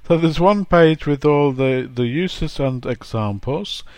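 Guy teaching grammar, slow and easy, dry close sound, acts out little examples. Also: on the high side, expressive, darkish tone, dry recording. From England. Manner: chatty, playful, acts out example sentences. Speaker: English teacher. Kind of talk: online grammar lesson.

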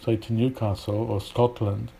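A British man teaching English pronunciation in a podcast lesson, repeating example words aloud slowly with pauses. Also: fairly low pitch, flat delivery, vocal fry, mellow, husky. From United Kingdom.

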